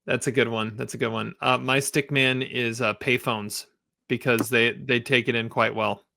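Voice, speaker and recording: A man's voice: medium pitch, moderate pace, gravelly, a little hiss or hum. A man co-hosting a casual TV review podcast, chatting loosely and quoting scenes with laughs. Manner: relaxed, laughs and quotes lines in a raised voice. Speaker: podcast co-host.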